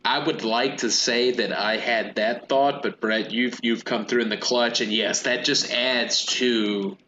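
A man's voice: mid-range voice, steady tone, unhurried, pushed and bright, reverberant, dull audio, a little hiss or hum. A man co-hosting a casual comedic movie discussion, rambling and acting out silly villain voices. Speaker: podcast co-host.

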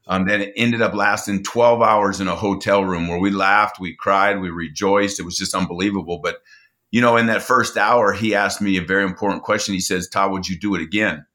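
A man's voice: low-pitched, steady tone, a little fast, sharp tone. A middle-aged man telling a personal story as a podcast guest, earnest, often repeating words and restarting his sentences.

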